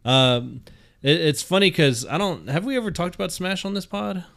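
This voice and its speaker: A young man co-hosting a podcast, talking in a relaxed, hesitant way with casual swearing. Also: a little high, moderate pace, gravelly. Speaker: podcast co-host. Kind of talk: casual chat.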